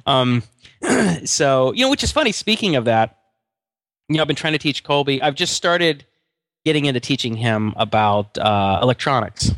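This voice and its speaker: A man's voice: medium pitch, big pitch swings, normal speed, fairly bright tone, dry recording, clean studio sound. A middle-aged man co-hosting a podcast in casual chat, rambling with many restarts and fillers. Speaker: podcast co-host.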